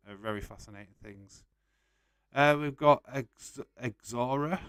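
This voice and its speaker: A man's voice: medium pitch, steady tone, normal speed, a bit bright, clear, resonant tone, no room sound. A young man casually hosting a live stream, reading out and answering chat messages and laughing often.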